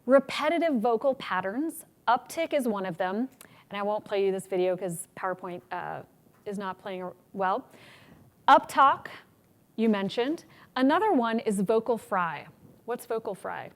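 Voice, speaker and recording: A woman presenting a workshop on public speaking, energetic and acting out examples of good and bad delivery. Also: medium pitch, unhurried. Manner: energetic, demonstrates examples in changed voices. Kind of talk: teaching a conference workshop.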